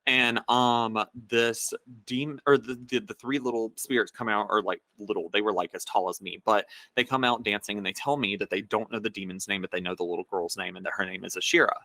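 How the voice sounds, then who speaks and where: Bright-voiced man telling a story casually. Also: lowish voice, steady tone, a little fast, few pauses, dry recording. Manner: rambling, many fillers. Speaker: podcast co-host.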